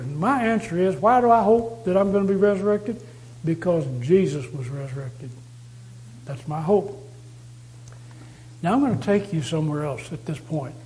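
A man's voice: high voice, dark tone, low-quality recording. A man preaching a sermon, emphatic, repeating key phrases to drive them home.

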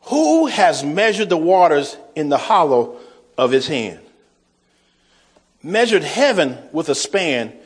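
A man preaching a sermon, folksy, calling the congregation y'all, swinging from soft asides to shouted emphasis. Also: a little high, sing-song, slow pace, breathy edge. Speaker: pastor.

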